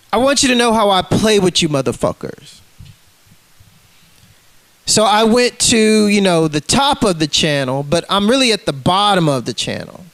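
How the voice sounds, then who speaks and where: A man with a high-pitched voice rants, cursing freely and calling people out. His sound is dry and close, with no room behind it. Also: a bit bright, no room sound, rough recording. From United States. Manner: ranting, profane, confrontational. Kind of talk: profane rant to camera.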